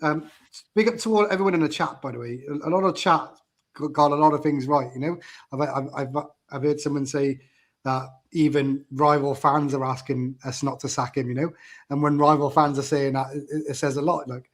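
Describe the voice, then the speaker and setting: Scouse fella on a fan show, bit high voice, rambles and repeats himself a lot. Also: male voice, fairly even intonation, fairly quick. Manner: rambling, repeats words, heated opinions. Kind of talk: live fan show chat.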